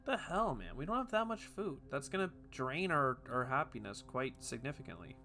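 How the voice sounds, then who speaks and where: A man talks his way through a strategy game in a loose, chatty commentary, tossing off jokey asides to himself. His voice is bright and forceful, and faint game music runs under it. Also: medium pitch, big pitch swings, normal speed, vocal fry. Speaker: gaming video host. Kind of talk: casual gameplay commentary.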